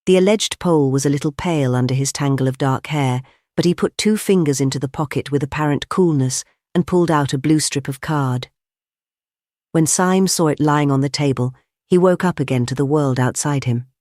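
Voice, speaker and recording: A man narrating an audiobook of a classic novel in a measured, expressive reading. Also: on the high side, no echo, clean studio sound. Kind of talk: scripted narration.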